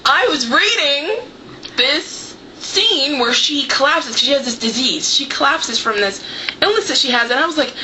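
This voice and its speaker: A woman book vlogger chatting casually to camera, giggly and tearful with excitable outbursts, recorded at home on a camera microphone. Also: high-pitched, normal speed, noisy background. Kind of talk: casual vlog chat.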